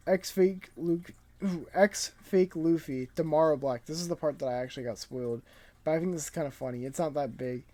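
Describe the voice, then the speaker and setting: A man's voice: fairly high pitch, a little fast, dark tone. A man reviewing a comic chapter in casual, rambling commentary, laid-back and profane, sounding tired late at night.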